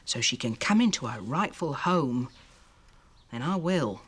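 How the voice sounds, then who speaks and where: An actress playing a tender-hearted older Victorian woman, telling a story in hushed, breathless dialect. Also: a bass voice, animated, measured pace, slightly rough, heavily acted. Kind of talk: period TV drama acting.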